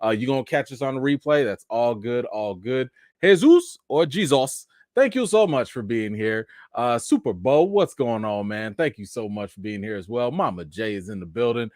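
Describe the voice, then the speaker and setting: A man's voice: medium pitch, animated, normal speed, hardly any pauses, a little mellow, no room sound. Laid-back chatty live-stream host, a man. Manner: laid-back, chatty, greets viewers by name. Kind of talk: casual live-stream chat.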